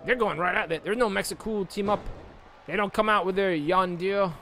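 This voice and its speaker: Bright-voiced young man joking through gameplay. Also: high voice, normal speed, a little hiss or hum. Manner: rambling, joking, mock play-by-play calls. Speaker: let's play commentator. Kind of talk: casual gameplay commentary. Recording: echoey room, game music behind.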